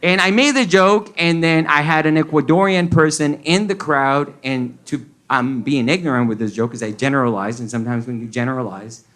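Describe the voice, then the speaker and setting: A man's voice: medium pitch, fairly quick, hardly any pauses, a bit bright. A man from Colombia with a Colombian accent, doing a stand-up set that mixes English and Spanish and acts out the people in his stories. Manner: switches between English and Spanish, acts out characters. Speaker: stand-up comedian. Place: comedy club stage with audience.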